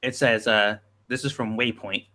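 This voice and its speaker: A man co-hosting a casual livestream, chatting in a relaxed way and laughing often. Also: on the low side, moderate pace. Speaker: co-host.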